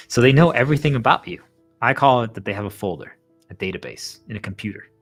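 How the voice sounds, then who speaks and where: A man's voice: medium pitch, a little fast, soft background music. A man talking casually and animatedly to his viewers, rambling with lots of "like" fillers. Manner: rambling, heavy use of "like" fillers; animated, acts out quoted voices. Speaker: channel host.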